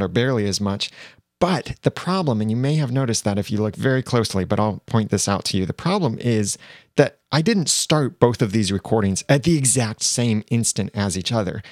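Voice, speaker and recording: A man teaching video editing software in a plain, step-by-step way, recorded on a lavalier mic. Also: fairly low pitch, no room sound, clean studio sound. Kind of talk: screen-recorded software tutorial.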